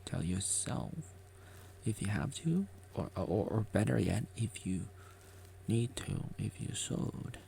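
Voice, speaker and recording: A man's voice: on the low side, lively intonation, takes it slowly, gravelly, dark tone, slight background noise. A man vlogging a rambling motivational monologue, repeating himself and joking with himself as he talks.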